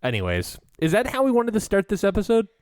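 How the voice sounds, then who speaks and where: A man co-hosting a podcast in casual chat, animated and rambling, laughing often as he talks. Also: high-pitched, fast talker, clean tone, no echo. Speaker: podcast co-host.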